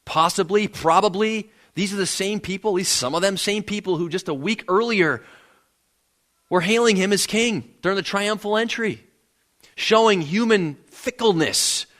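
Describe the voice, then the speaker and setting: A man delivering a sermon in a church sanctuary, his voice sitting a little high for a man. He speaks earnestly and often repeats words as he builds toward a point. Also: moderate pace, fairly bright tone. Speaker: pastor.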